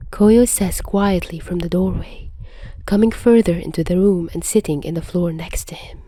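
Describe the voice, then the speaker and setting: A woman narrating fan fiction as a podfic reader, soft and hushed, often dropping into whispers. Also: fairly low pitch, fairly even intonation, moderate pace, slightly rough, no room sound.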